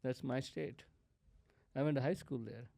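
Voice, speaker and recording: Male guest from India, mid pitch, teasing banter, dry close mic. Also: measured pace, creaky, mellow, no echo. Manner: teasing, mock-defensive. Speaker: podcast guest. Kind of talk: casual banter.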